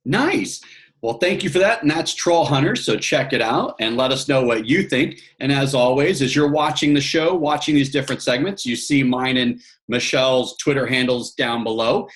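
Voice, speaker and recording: A man's voice: mid-range voice, moderate pace, fairly bright tone. A man hosting a casual online show, upbeat and encouraging as he chats with his co-host. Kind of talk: casual chat.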